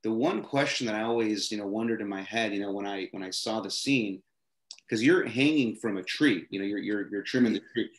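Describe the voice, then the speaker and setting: A man with a low voice interviews a guest, asking halting questions full of fillers. The recording is echoey, as if in a bare room. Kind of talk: casual interview.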